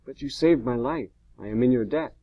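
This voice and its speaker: A man's voice: medium pitch, fairly quick, vocal fry, dark tone, dry recording, natural voice, poor audio. A man voicing a haunted, weary male scientist in an audiobook, speaking with earnest pleading. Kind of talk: audiobook character reading.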